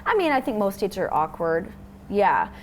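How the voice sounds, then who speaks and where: A woman's voice: medium pitch, big pitch swings, moderate pace, slight background noise. A young woman from Toronto, chatting casually as an interview guest and rambling with plenty of fillers. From Toronto, Canada.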